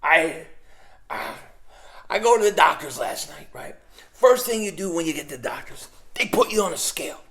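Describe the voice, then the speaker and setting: A middle-aged man rants to camera about his team, his voice sitting a little higher than most men's. He talks casually and emphatically, hammering the same phrase again and again as he gets worked up. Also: moderate pace, roomy sound. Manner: emphatic, repetitive, excitable. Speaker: sports vlogger. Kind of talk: casual fan rant to camera.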